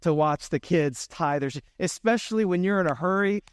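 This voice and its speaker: A pastor in his thirties preaches in a relaxed, chatty way and talks straight to the congregation. His voice sits a little high for a man. The sound is close and dry. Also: fairly quick, hardly any pauses, smooth, dry recording. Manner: conversational storytelling with asides to the congregation. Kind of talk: sermon.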